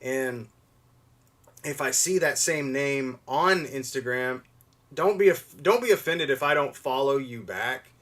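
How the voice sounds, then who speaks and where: A young man hosting a livestream, chatting loosely to viewers with many fillers and restarts, often gushing with excitement. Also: medium pitch, unhurried. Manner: rambling, lots of fillers and restarts, gushes with excitement. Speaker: livestream host. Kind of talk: casual stream chat to viewers.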